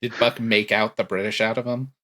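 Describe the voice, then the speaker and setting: A man's voice: on the low side, level tone, brisk, fairly bright tone. A man acting as game master on a live stream, setting scenes and joking with his players. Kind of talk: narrating a tabletop role-playing game.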